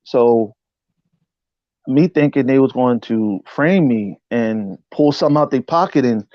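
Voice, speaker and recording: A man telling a personal story as an interview guest in casual speech, animated and often saying "you know what I'm saying". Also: medium pitch, a little slow, no echo, highs cut off. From United States. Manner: acts out voices in quotes.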